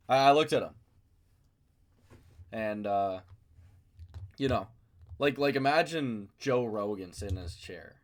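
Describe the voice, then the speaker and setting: A man's voice: fairly low pitch, expressive, normal speed, pauses often. A man hosting a casual fight commentary vlog from his basement, rambling and self-mocking. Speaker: MMA video host.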